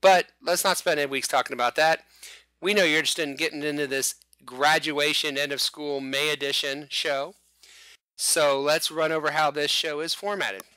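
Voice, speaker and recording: A man's voice: a little high, steady tone, normal speed, sharp tone, clear, resonant tone, no echo. A man hosting a casual fan podcast, talking in a rambling, jokey way and often restarting his sentences. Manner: rambling, jokey, self-correcting. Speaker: host.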